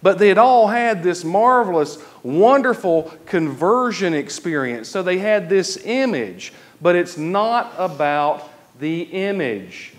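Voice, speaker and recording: Preaching in church with big swings in his high voice, an Episcopal priest moves slowly and deliberately, lengthening key phrases for emphasis.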